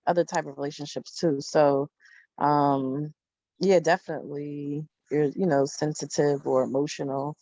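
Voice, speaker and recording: A woman taking part in a webinar who shares her experience hesitantly, pausing often and filling gaps with "um". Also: deep voice, a little mellow, dry recording, lo-fi sound. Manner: hesitant, many ums and pauses. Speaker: webinar participant. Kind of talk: casual sharing.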